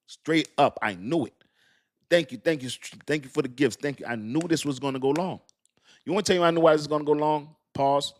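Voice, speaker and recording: A man hosting a casual crypto livestream, talking in animated, slangy street talk, swinging between loud and soft. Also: on the high side, brisk.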